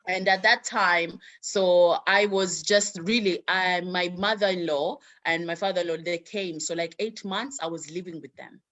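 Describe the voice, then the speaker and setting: A woman's voice: lowish voice, steady tone, moderate pace, few pauses, a bit bright. A woman guest telling her life story in conversation, acting out the voices of the people in it. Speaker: interview guest.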